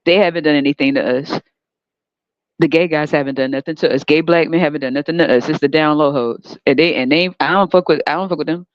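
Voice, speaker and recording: A woman's voice: deep voice, fast talker, no room sound. A woman from the United States hosting a podcast, delivering a profane, emphatic unscripted rant full of rhetorical questions. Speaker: podcast host. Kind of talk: unscripted monologue. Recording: dull, dry lo-fi recording.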